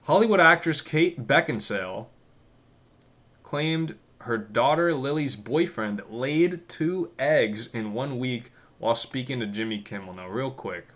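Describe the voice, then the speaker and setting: Man ranting sarcastically, profane, mid-pitch. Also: animated, unhurried, fairly bright tone. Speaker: commentary vlogger. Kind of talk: casual ranting commentary.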